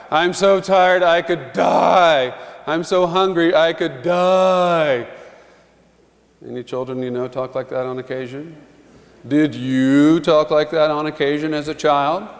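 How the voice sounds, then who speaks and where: Guy preaching in church, chatty with little laughs, mid-pitched, big church echo. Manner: conversational, chuckling asides, acts out quotes. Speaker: pastor. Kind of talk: sermon. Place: church sanctuary. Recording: church hall reverb.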